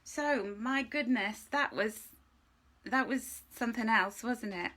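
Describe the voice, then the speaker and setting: A woman giving a live angel card reading in a gentle, reassuring way. She is emotional, laughs often, and at times drops to a soft whisper. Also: on the high side, slow pace.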